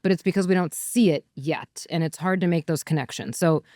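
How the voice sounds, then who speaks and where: A woman hosting an interview, asking brisk, structured questions. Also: fairly low pitch, warm tone, no room sound, clean studio sound. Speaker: podcast host.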